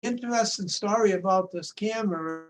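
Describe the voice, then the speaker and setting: An older man, his voice sitting high for a man, tells a folksy story full of restarts. He is heard over a video call. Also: moderate pace. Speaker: show-and-tell presenter.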